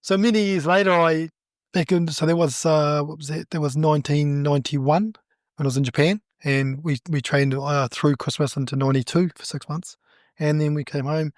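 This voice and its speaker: New Zealand man, animated storyteller. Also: a little high, normal speed, no room sound, studio quality. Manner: animated, laughs often, acts out quotes. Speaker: judo coach, guest. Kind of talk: casual interview storytelling.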